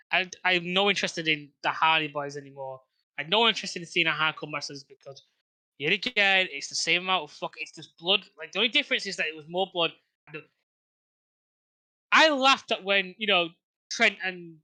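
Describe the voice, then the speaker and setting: With a slightly high, bright, forceful voice and no room sound, this man co-hosts a laid-back wrestling podcast. His talk rambles and restarts constantly, loaded with fillers and swearing.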